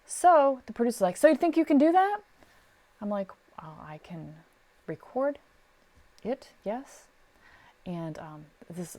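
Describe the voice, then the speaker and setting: A middle-aged woman, a sound recordist, chatting casually on a podcast and acting out the people in her stories. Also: fairly low pitch. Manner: animated storyteller, acts out quotes. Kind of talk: casual advice chat.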